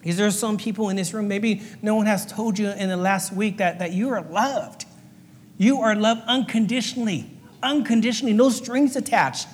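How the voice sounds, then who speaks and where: Brief: male preacher and chaplain, high-pitched, earnest repeating delivery, recorded in an echoing church hall. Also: normal speed, a little hiss or hum. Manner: earnest, repetitive, acts out little voices for illustration. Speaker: pastor and fire chaplain. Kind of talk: sermon. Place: church sanctuary. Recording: long hall reverb.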